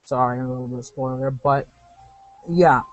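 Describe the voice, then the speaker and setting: A man's voice: medium pitch, fairly even intonation, moderate pace, dry recording, soft background music, low-quality recording. A man giving casual, rambling gameplay commentary, correcting himself and drifting into asides. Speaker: let's play commentator.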